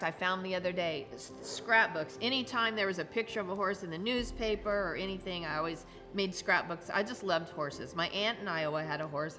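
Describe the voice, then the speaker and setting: A middle-aged woman telling personal stories as a guest in a casual chat, often laughing as she talks. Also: on the low side. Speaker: interview guest. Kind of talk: casual storytelling.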